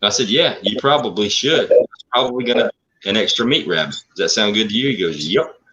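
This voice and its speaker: A man telling a story in a blunt, profane, animated way in casual talk. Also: lowish voice, fairly quick. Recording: muffled lo-fi audio.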